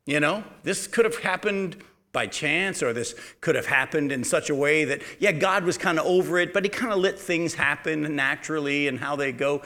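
A man preaching a verse-by-verse Bible study in a conversational way, checking in with his listeners through quick rhetorical questions and pressing hard on key points. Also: on the high side, sharp tone. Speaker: pastor teaching a Bible study. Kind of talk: verse-by-verse sermon.

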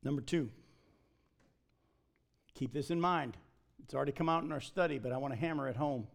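A man preaching a sermon, emphatic and animated, often acting out the people he quotes. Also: medium pitch, fast, vocal fry. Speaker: pastor.

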